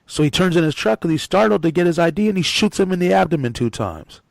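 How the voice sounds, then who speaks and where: A man's voice: high-pitched, expressive, quick pace, creaky, no room sound. A man co-hosting a casual political discussion, talking in a sardonic, joking way. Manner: sardonic, jokey, acts out quoted shouts. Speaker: co-host.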